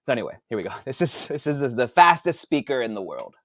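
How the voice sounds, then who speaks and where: Forties guy host, rambly and profane, dry close sound, mid pitch. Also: big pitch swings, fast, dry recording. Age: 40s. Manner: rambling, profane, thinks aloud with restarts. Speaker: author and podcast host. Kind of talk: casual livestream chat.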